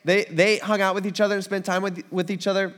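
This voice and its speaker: High-voiced casual preacher. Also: male voice, quick pace. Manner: casual, animated, conversational preaching. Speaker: pastor. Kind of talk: sermon.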